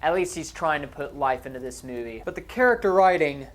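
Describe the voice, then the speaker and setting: A man's voice: a little high, animated, fairly quick. A man narrating a movie review voice-over in a sarcastic, exasperated way.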